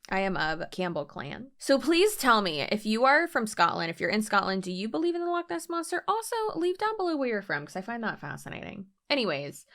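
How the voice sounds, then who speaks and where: A tired young woman hosting her channel, talking in a lively, sarcastic and casual way and laughing often. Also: medium pitch. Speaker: host. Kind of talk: casual commentary.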